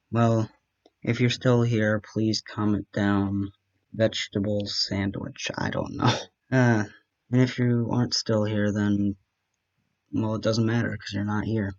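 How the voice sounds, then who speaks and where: A man's voice: fairly low pitch, gravelly, dull audio. A young man from Wisconsin with a light Wisconsin accent, rambling chattily and self-deprecatingly in a solo monologue, bantering with himself. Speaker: podcast host.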